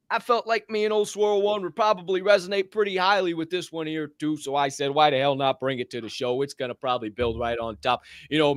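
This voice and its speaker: A man's voice: a little high, no echo, clean studio sound. A man co-hosting a motivational faith podcast, talking in an exuberant, playful, hype manner. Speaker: podcast co-host. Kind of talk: energetic faith-based motivational podcast talk.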